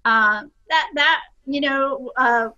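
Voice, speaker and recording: Earnest older woman, bright high voice. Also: takes it slowly, muffled recording. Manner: earnest, self-deprecating, meandering. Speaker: interview guest. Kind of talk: casual interview storytelling.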